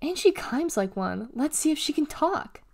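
Brief: woman reading as a jeering schoolboy bully, loud and high, shouting taunts. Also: big pitch swings, moderate pace, gravelly, full character voice. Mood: taunting.

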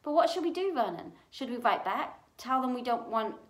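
A woman's voice: a little high, sing-song, a little fast, pitched above the performer's own voice. A woman voicing a fussy, anxious middle-aged aunt with a quivering voice, read aloud in an echoey room.

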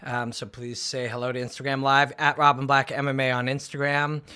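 A man hosting a casual livestream chat about fights, rambling and excitable, with lots of fillers. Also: medium pitch, fairly quick, smooth. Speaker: MMA analyst and show host. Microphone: phone and computer livestream.

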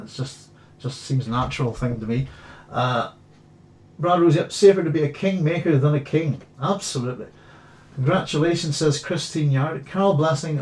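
A man with a Northern Irish accent hosts a live stream in a mid-range, darkish voice. He chats casually, reading viewer comments aloud and humming between them.

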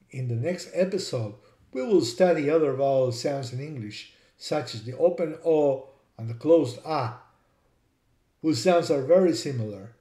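Mellow-voiced man teaching in a roomy space. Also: mid-range voice. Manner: careful, explanatory delivery with repeated word examples. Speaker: language teacher and author. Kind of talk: scripted educational narration. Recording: roomy echo.

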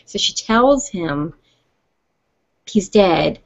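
A woman's voice: fairly low pitch, expressive, drawn-out words, vocal fry. A woman co-hosting a casual podcast chat, often chiming in with agreement and retelling scenes conversationally. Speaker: podcast co-host. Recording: dull lo-fi podcast audio.

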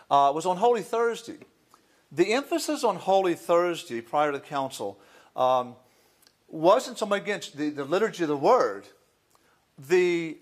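Middle-aged male priest, Florida-raised, lecturing; slightly high, digressive and folksy. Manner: folksy and digressive, with asides and fillers. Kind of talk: academic lecture.

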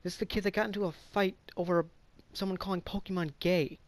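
Young adult male storyteller, slightly high voice, loose and profane, filler-heavy delivery. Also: steady tone, quick pace, no room sound. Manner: rambling, profane, lots of fillers. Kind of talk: casual storytime vlog.

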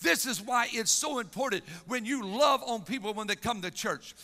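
A male Southern preacher delivers a fervent revival sermon in a high, bright, gravelly voice, stumbling over repeated words before surging into shouts. He is recorded in a reverberant church sanctuary, with faint organ music behind him. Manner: fervent preaching, halting repetitions and shouted rises. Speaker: pastor.

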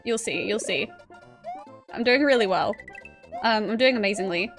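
A woman's voice: medium pitch, normal speed, faint music behind. A woman streaming video games, chatting casually, giggling often and talking back to the characters on screen. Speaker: gaming streamer. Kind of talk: casual live-stream commentary while playing.

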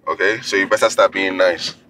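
An actor playing a widowed father who gently coaxes his young daughter, with a soft, pleading manner. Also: sits low, fairly even intonation, brisk, a little hiss or hum, poor audio. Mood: coaxing. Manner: soft, coaxing, pet names. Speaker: single father. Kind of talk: film acting.

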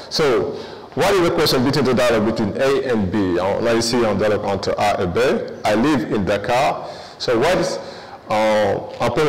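A man's voice: mid-range voice, a little hiss or hum. Echoey man teaching. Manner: switches between English and French, many fillers. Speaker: English teacher. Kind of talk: classroom review lesson.

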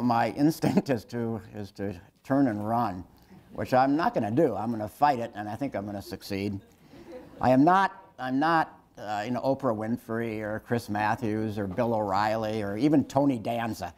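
A man's voice: mid-range voice, a little mellow. Wry sixty-something man giving a lecture. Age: 60s. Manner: wry, self-deprecating, halting with restarts. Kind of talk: public lecture told through stories. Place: lecture hall with an audience.

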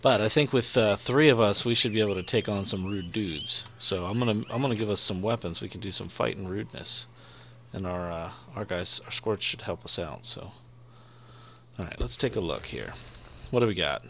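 A man's voice: on the low side, normal speed, fairly bright tone, a little hiss or hum. A young man giving playful let's-play commentary, chatting to the creatures on screen as he plays. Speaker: gaming YouTuber.

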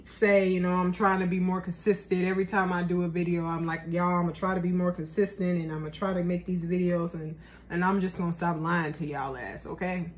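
A young woman chatting casually in a cooking vlog, slangy and talkative, tasting her food as she talks. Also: lowish voice. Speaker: vlogger.

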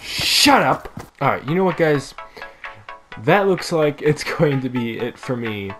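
Excitable, goofy gaming host. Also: male voice, mid-range voice, faint music behind. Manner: excitable and goofy, with quick bursts of exclamations. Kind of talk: casual gameplay commentary.

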